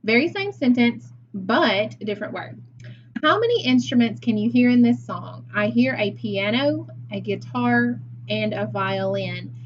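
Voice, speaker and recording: A woman's voice: on the high side, animated, measured pace, lo-fi sound, slight background noise. A woman teacher leading a phonics lesson for young children, patient and praising as she sounds words out.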